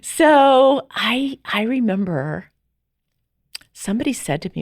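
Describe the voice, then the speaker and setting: A middle-aged woman telling her personal story as a podcast guest, lively and acting out the dialogue she remembers. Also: fairly high pitch, slow pace, long pauses, no echo, clean studio sound. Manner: animated, acts out quoted dialogue.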